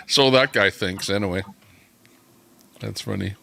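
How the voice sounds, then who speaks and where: A man's voice: lowish voice, slow pace, vocal fry, sharp tone. A man hosting a live stream, chatting casually and reading from the screen. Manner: chatty, reads along from the screen. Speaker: stream host.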